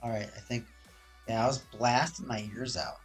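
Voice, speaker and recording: A streamer chatting casually while opening card boxes, excitable and talkative, restarting and correcting sentences often, on a loud high-gain desk mic. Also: moderate pace, soft background music. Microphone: hot desk microphone with high gain.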